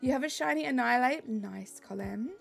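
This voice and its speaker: A young woman with a Southeast English accent chats cheerfully to her stream chat, reading names and answering questions as she goes. Her voice sits a little high and carries a gravelly fry, and soft music plays behind her. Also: brisk. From England. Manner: chatty, reads chat aloud, upbeat. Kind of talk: live-stream chat while gaming.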